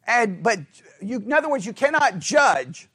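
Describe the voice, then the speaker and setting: A man's voice: extremely high pitch, very animated, moderate pace, pushed and bright, slightly rough. A man leading a Bible study class, asking the group questions and repeating phrases over and over for emphasis. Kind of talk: interactive Bible study lesson.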